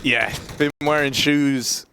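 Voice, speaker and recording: A man's voice: mid-range voice, steady tone, takes it slowly, creaky, sharp tone, slight background noise. A man commentating an esports match, joking and laid-back in casual banter. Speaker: esports caster.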